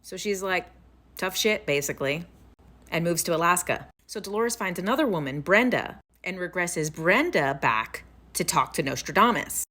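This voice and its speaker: A woman's voice: fairly low pitch, animated, normal speed, sharp tone. A woman hosting a casual storytelling vlog, chatty and enthusiastic, with some swearing. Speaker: host.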